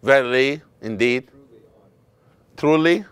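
A man's voice: medium pitch, takes it slowly, fairly bright tone, smooth, no echo. A middle-aged man, an imam, teaching a class on Quran recitation, quizzing his students and breaking into chanted verses. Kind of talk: lively classroom lesson.

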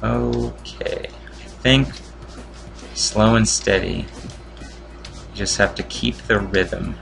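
A man giving casual, wry commentary on a video game walkthrough. His voice is low and gravelly, and he talks at an unhurried pace. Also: steady tone, a bit bright, faint music behind. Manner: joking, wry asides about the game. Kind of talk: casual let's-play commentary.

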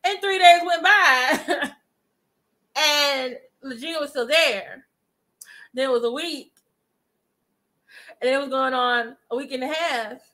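A woman giving casual gossip commentary to her viewers, chatty and animated as she retells events. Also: high voice, takes it slowly, long pauses. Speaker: commentary vlogger.

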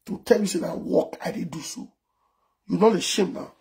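A Nigerian man in his forties hosting a casual live stream, talking in an animated way and firing off repeated rhetorical questions. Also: sits high, moderate pace, creaky. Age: 40s. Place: indoors abroad, cold.

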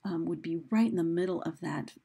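A woman's voice: fairly low pitch, brisk, gravelly, dark tone, slightly rough. A woman teacher giving a recorded lesson, explaining casually with fillers and restarts, and reading quoted lines with dramatic emphasis.

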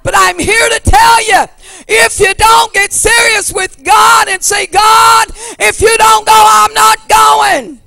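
A woman preacher delivering a fiery revival sermon in a folksy, plain-spoken way, swinging from hushed asides to shouted preaching. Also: very high-pitched, fairly even intonation, slow, creaky, background noise.

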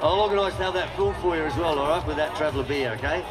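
An Australian man bantering as a rodeo co-announcer, spinning yarns in a fairly high, matey voice. He is heard through an outdoor public address system, with music and a crowd clearly behind him. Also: very fast, recorded from a distance. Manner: matey, yarn-spinning joker. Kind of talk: joking banter over a PA.

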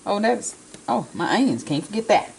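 A woman vlogger assembles a burger in her home kitchen, chatting casually in a homey way and talking with her mouth full. Her mid-pitched voice is very animated, gravelly and a little mellow at a moderate pace, on a low-quality recording with slight background noise.

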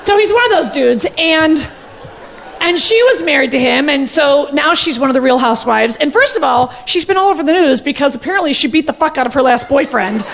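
A woman's voice: high-pitched, lively intonation, brisk, gravelly. A woman in her forties doing brash, gossipy, profane stand-up comedy on a stage mic.

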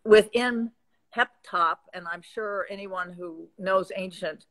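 A woman with a Midwestern accent speaking reflectively as a guest in a live chat, pausing and restarting as she thinks. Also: medium pitch, fairly bright tone, low-quality recording. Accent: American Midwestern.

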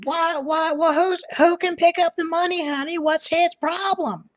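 A woman's voice: very high voice, fairly even intonation, a little slow. A woman playing a sweet-talking old lady who makes crude jokes, on a prank voice chat. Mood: doting. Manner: doting, teasing, crude jokes. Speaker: scambaiter.

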